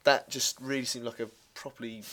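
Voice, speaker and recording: A man's voice: medium pitch, little pitch movement, a little fast, a bit bright. A man co-hosting a podcast, chatting casually about a film with lots of restarts and laughter. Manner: rambling, self-correcting, laughs often. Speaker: podcast co-host.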